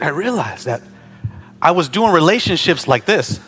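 A man preaching with a high, bright voice that stays chatty and joking with the congregation, then climbs into loud, shouted prayer. Faint music plays behind him. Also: very animated, moderate pace. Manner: conversational, building to shouted prayer; humorous asides to the congregation. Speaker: pastor. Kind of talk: sermon.

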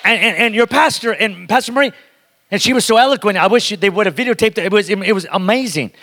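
Guy preaching a sermon, pretty high voice, talks right at the crowd, long echo in a big church. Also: fast talker, pushed and bright, a little hiss or hum. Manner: emphatic, talks straight to the congregation. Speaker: guest preacher. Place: church sanctuary. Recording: long reverb of a large hall.

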